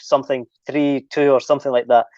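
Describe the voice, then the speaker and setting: A man chatting on an online show, speaking hesitantly with many pauses and ums. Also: mid-range voice, little pitch movement, a little mellow, no echo, dull audio. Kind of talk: casual online chat.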